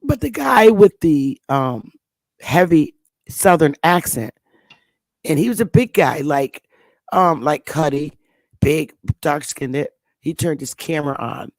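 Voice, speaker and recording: A woman's voice: deep voice, animated, takes it slowly, dry recording. A woman hosting her own channel, telling a rambling story in a casual monologue, often repeating and restarting words. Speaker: channel host.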